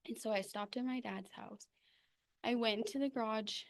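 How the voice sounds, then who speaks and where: A young woman giving a personal recovery testimony, halting and full of ums and pauses. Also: on the high side, creaky. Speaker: recovery meeting speaker.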